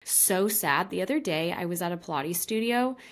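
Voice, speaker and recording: A woman's voice: lowish voice, normal speed. A young woman co-hosting a podcast, chatting casually and telling stories animatedly. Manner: animated storyteller, acts out quotes. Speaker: podcast co-host. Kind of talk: casual chat.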